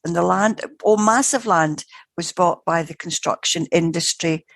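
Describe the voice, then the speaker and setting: An older woman, a psychical researcher, telling a story in a lively, rambling way that keeps correcting itself. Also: lowish voice, normal speed, creaky, no room sound. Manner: animated, digressive, self-correcting. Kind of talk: conversational storytelling.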